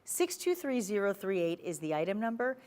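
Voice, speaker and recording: A woman hosting a TV shopping show, chatty and persuasive as she pitches jewelry. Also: very animated, a little fast, a little mellow. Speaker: shopping channel host.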